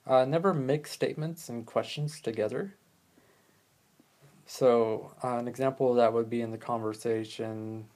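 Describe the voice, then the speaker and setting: With a darkish, medium-pitched voice, fairly even intonation and a moderate pace, this solo podcast host riffs on listening skills. His talk is meandering and profane, and he often pokes fun at himself.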